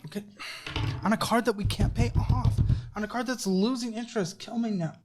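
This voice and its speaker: A man's voice: extremely high pitch, steady tone, brisk, noisy background. A man hosting a money-advice show, blunt and exasperated as he reviews a guest's debts. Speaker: financial advice host. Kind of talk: casual money-advice talk.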